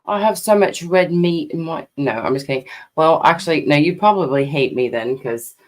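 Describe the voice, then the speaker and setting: A woman's voice: low voice, animated, normal speed. A woman hosting her own stream in casual chat, teasing her guests and swearing casually. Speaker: streamer, host.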